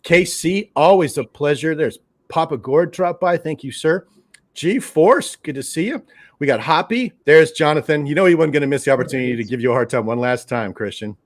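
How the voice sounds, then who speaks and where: Greeting chat viewers by name, a man runs a collectibles show's live stream in a relaxed, joking way. His voice is a little high and his pace moderate.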